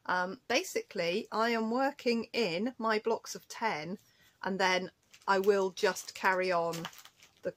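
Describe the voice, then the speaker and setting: A woman's voice: mid-range voice, slow pace, a little hiss or hum. A woman chatting casually to camera in a cross-stitch vlog, rambling and breaking off to scold her cat.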